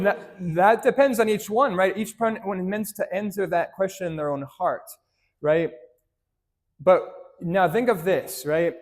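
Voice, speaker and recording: Priest preaching in a church, chatty storyteller, slightly high male voice, keeps asking "right?". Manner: conversational storytelling, frequent "right?" tag questions; addresses children directly with simple questions. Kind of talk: homily to a parish congregation.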